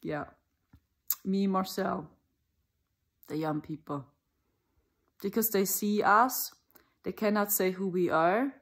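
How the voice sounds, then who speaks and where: A woman's voice: medium pitch, slow pace, long pauses. A woman from Germany with a German accent, talking in a rambling, conversational monologue for her own channel. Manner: rambling, conversational, with mocking asides. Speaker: spiritual channel host. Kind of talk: casual spoken monologue.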